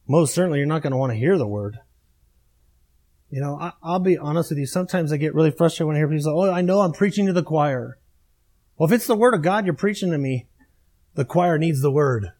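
Middle-aged man, pastor, high-pitched voice, emphatic sermon delivery with repeated phrases. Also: a little mellow. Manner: emphatic, repetitive preaching cadence.

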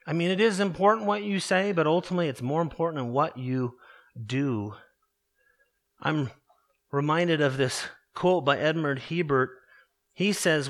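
Earnest male preacher, fairly high voice. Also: fairly bright tone. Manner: earnest preaching, slows and drops low for emphasis. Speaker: pastor. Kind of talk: sermon.

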